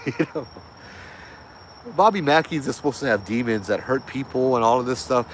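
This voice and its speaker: A man casually retelling a ghost hunting story, loose and animated, full of slang and fillers. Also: mid-range voice, moderate pace, pauses often, slight background noise. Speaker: host telling a ghost story.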